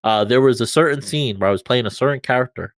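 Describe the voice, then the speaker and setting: A man's voice: medium pitch, fast talker, no room sound. A man chats casually as a guest voice narrator on a podcast. He rambles and restarts often, leaning on fillers. The recording is dry and close.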